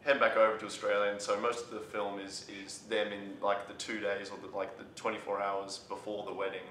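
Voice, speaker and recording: A man's voice: little pitch movement, a little fast, bright, forceful tone. A man reviewing a film in casual chat, talking in a hesitant way full of fillers. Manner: hesitant, filler-heavy summarizing. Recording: roomy room with faint rumble.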